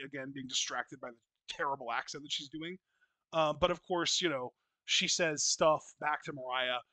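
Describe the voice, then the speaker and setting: Bright, higher-voiced man ranting casually. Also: dry recording. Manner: opinionated, blunt and profane, rambling with restarts. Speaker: wrestling podcast co-host. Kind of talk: casual podcast chat.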